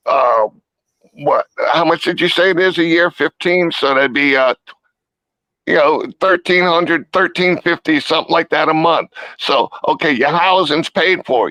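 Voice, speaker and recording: Brief: male debate guest, forceful bright voice, dry close sound, folksy and rambling. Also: fairly high pitch, no room sound, rough recording. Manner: rambling and folksy, with casual swearing. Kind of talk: casual live-stream debate.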